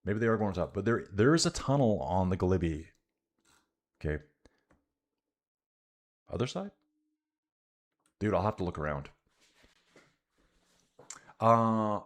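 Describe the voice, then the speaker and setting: Deep-voiced laid-back Canadian man. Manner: laid-back, says "dude" a lot, chats with viewers. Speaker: cycling livestream commentator. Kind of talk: casual live race commentary and chat.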